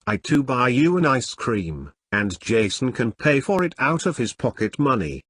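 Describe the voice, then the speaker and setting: A man reading the lines of a large, bossy mother who gives brisk orders. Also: mid-range voice, very animated, fairly bright tone, breathy edge. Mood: soothing.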